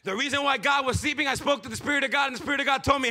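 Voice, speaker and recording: A man preaching a sermon as pastor, swinging from loud shouted passages to hushed low lines. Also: rapid-fire, gravelly. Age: young adult. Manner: preaches with rising shouts and sudden hushed drops.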